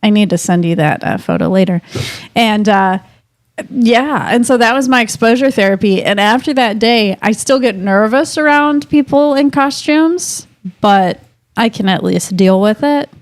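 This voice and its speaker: A woman's voice: fairly high pitch, normal speed, dry recording, studio quality. A woman in her thirties co-hosting a talk show, telling a story in a chatty, casual way and laughing often. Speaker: co-host. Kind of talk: casual chat.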